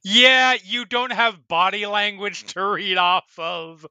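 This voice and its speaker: A man narrating a tabletop game as dungeon master, explaining rulings in a measured, thoughtful way. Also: high-pitched, sharp tone, smooth, no echo.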